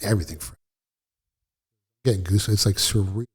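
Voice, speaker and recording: With a steady tone and moderate pace, a husky, low-voiced middle-aged man tells his story as an interview guest. He speaks casually but bluntly, peppering the vivid retelling with profanity.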